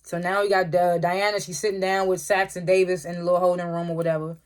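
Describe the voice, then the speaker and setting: A reviewer loosely retelling a TV episode in a casual recap, with many "like" fillers and frequent throat clearing. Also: mid-range voice, level tone, fast. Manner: loose storytelling, lots of "like" and "was like" retellings.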